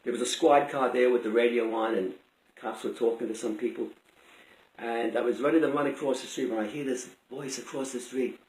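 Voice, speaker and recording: An older man telling a personal story out loud in a rambling, conversational way with many restarts. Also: mid-range voice, fairly even intonation, fairly quick. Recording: roomy echo.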